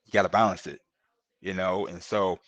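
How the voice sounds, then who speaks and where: A man's voice: sits low, fairly even intonation, normal speed, a bit bright, no echo, muffled recording. A middle-aged man, a podcast guest, telling earnest and emotional stories in a casual interview, often repeating himself and calling the host bro.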